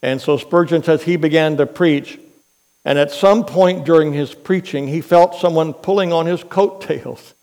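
A man preaching a sermon as pastor, telling a story in an unhurried, earnest way. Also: fairly high pitch, darkish tone.

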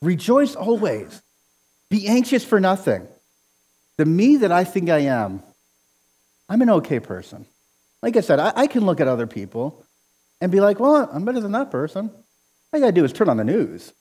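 A man preaching a sermon with passion, near to yelling at times, often repeating words as he starts a phrase. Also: high-pitched, wildly swooping pitch, a little fast, long pauses. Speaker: pastor.

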